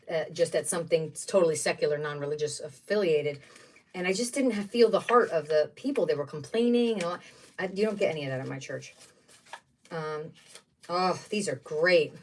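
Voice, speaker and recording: Woman, middle-aged, chatty and excitable, lower voice, somewhat off-mic, home craft livestream. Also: distant mic, slight background noise. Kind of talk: casual chat while unboxing craft supplies.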